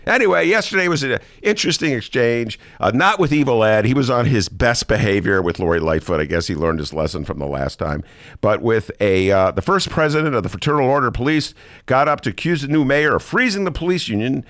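A man hosting a talk radio show, giving lively, mocking political commentary and laughing often. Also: mid-range voice, fast, dry recording, studio quality.

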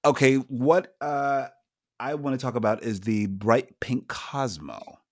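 A man hosting a podcast in a playful, animated casual chat, often restarting his sentences. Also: mid-range voice, slow. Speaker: podcast host.

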